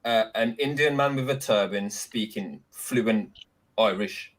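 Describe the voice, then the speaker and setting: Giggly man over clear background noise. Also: lowish voice, unhurried. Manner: giggly, joking. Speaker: stream guest. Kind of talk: casual group chat.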